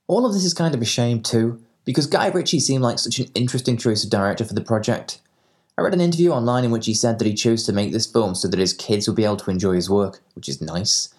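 A man's voice: on the low side, expressive, quick pace, a little mellow. A man delivering a scripted comedic film review in a sardonic, sweary way.

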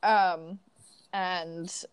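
A woman's voice: fairly low pitch, steady tone, drawn-out words, clear, resonant tone, no echo. A woman co-hosting a podcast, chatting casually with lots of "like" and frequent giggles. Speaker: podcast co-host. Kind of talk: casual chat.

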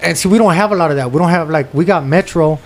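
A man's voice: a little high, quick pace. A man co-hosting a podcast, talking in a slangy, profane, emphatic way. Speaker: podcast co-host. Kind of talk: casual chat.

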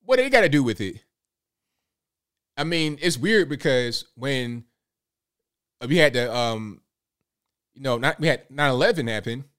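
A man's voice: mid-range voice, fairly bright tone. Rambling, sarcastic male commentator. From United States. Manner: rambling, sarcastic, many fillers and restarts. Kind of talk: casual opinion commentary.

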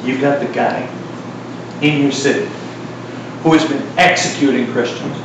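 A middle-aged man preaching a sermon in a casual, joking style, full of asides and lively retellings. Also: medium pitch, normal speed, very echoey, recorded from a distance, background noise.

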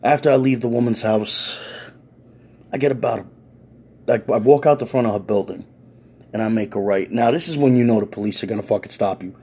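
A man's voice: lowish voice, brisk, pauses often, mellow, slightly rough. A man telling a story from his own life in a casual, conversational way, wry and full of swearing.

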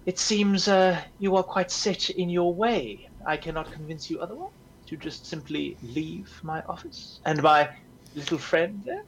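A man voicing a calm, scheming male church advocate who speaks in a measured, condescending way. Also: fairly high pitch, a little hiss or hum, pitched above the performer's own voice, low-quality recording. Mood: smug, calm.

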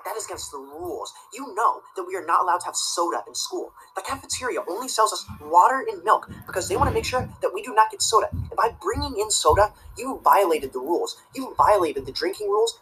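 A woman in a comedy sketch plays a teacher's pet fixated on rules, tattling indignantly and preaching in a self-righteous tone. She uses her natural mid-range voice, fairly bright and animated, talking fast with hardly a pause, on a rough recording with a little hiss or hum.

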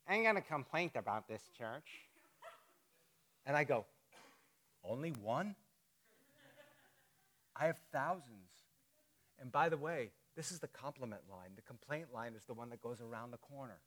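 A man's voice: mid-range voice, lively intonation, moderate pace, pauses often, bright, forceful tone. A middle-aged man, a pastor preaching a sermon in a church, telling stories in a conversational way and joking with the congregation. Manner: storytelling, conversational, jokes with the congregation. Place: church sanctuary.

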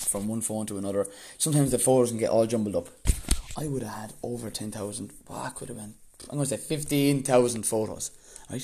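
A young man with an Irish accent tells a story in a loose, casual way. He is animated and breaks into laughter now and then. His voice sits at an ordinary middle pitch. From Ireland.

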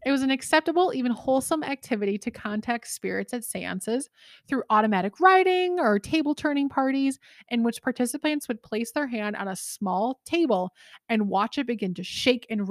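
A woman's voice: a little high, normal speed, no echo. Chatty woman podcaster, dry sound. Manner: lively, corrects herself often, laughs easily. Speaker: podcast co-host. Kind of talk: casual chat.

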